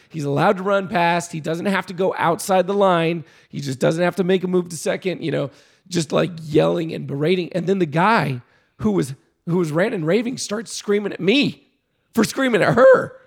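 Gravelly animated man telling a story. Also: high voice, moderate pace. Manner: animated, laughs often, loud when reenacting yelling. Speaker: youth baseball coach telling a story. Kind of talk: casual podcast storytelling.

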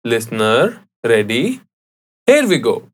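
A co-host of a language lesson who explains and models phrases slowly and carefully. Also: medium pitch, big pitch swings. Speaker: language teacher.

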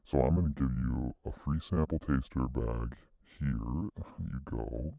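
Man as a shop owner lady, slow, rambling improv; rock-bottom gravelly voice, muffled dry sound. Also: rumbling low, warm tone, no echo, exaggerated voice. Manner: halting, rambling improvised speech. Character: deep-voiced female bath shop owner, prim.

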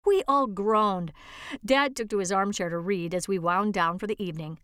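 A woman's voice: mid-range voice, normal speed, fairly bright tone, clear, resonant tone, no echo, studio quality. A woman reading a true-life story aloud for a reading service, lifting her voice for quoted lines. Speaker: volunteer reader. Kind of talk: read-aloud story narration.

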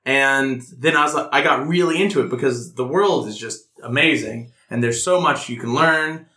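A man's voice: medium pitch, moderate pace, pushed and bright. A young man chatting casually, rambling and self-mocking with lots of fillers as he tells a story. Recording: roomy echoey room.

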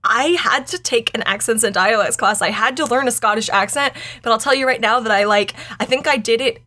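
Bright-voiced young woman, chatty podcast co-host. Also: on the high side. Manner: chatty, playful, quick to laugh. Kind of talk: casual chat.

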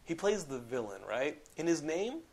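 A young man hosting a podcast in casual chat. He is excitable, swears and says "like" a lot. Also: on the high side, normal speed. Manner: excitable, profane, heavy use of "like". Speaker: podcast host.

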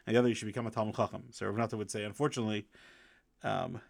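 A low-voiced man with a gravelly edge reviews a book by retelling its stories. He speaks in a halting, casual way, restarting phrases and using fillers. His voice is close and dry, with no room sound. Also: steady tone, no room sound.

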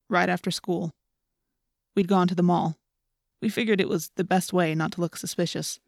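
A woman's voice: lowish voice, no room sound. Woman reading an audiobook, dry close sound. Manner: measured, even storytelling. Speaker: audiobook narrator. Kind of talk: first-person audiobook narration.

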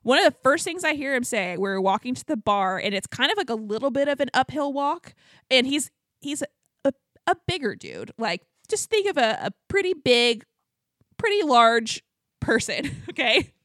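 A woman co-hosting a podcast, telling a story in a fast, animated way with lots of filler words. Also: high voice, no room sound. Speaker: podcast co-host. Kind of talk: casual storytelling chat.

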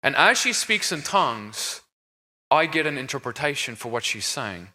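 His medium-pitched voice swings widely in pitch, sharp in tone and moderately paced, as he preaches earnestly about deliverance ministry from a conference stage. He restarts often, and the large hall reverberates.

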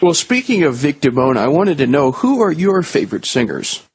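A man's voice: a little high, sing-song, normal speed, husky. A man hosting an interview, asking questions in a friendly, conversational way. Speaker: interview host. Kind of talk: casual interview.

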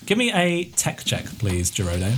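A man's voice: lowish voice, wildly swooping pitch, normal speed, noisy background. A man running a tabletop game as game master, narrating loosely with lots of fillers.

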